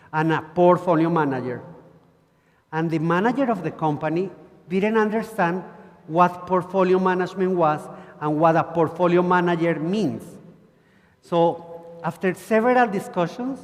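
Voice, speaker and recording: A man giving a conference talk in a large hall, telling animated stories with acted quotes. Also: on the high side. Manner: animated storytelling with acted quotes and audience asides. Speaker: conference speaker. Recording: long hall reverb.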